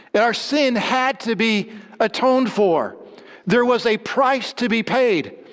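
A man's voice: high-pitched, fairly bright tone. A man preaching a sermon as pastor, earnest, building through repeated refrains with some restarts. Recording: long hall reverb.

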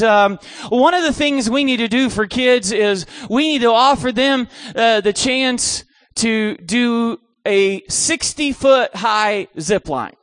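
High-voiced male preacher telling a story. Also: no echo, clean studio sound. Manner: animated storytelling, comic. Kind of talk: sermon.

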